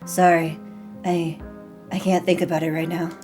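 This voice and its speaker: A woman voicing an overwhelmed, shaken young man in a game, speaking quietly and subdued. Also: lowish voice, level tone, moderate pace, faint music behind, pitched below the performer's own voice, close to an everyday voice.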